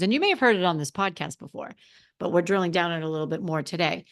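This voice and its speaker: A woman's voice: lowish voice, racing. A woman hosting a solo podcast as a confidence coach, talking emphatically with lots of repeated phrases and restarts. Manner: self-described extrovert, expressive.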